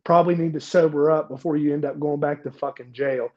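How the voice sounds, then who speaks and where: A man's voice: on the high side, steady tone, quick pace, highs cut off, close to an everyday voice. A man doing his fed-up blunt mother. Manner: blunt, profane.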